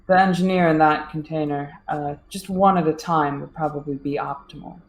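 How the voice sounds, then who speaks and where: A woman's voice: low-pitched, fairly even intonation, moderate pace, roomy sound. A woman playing a tabletop game, speaking in character with hesitant, formal phrasing. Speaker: player.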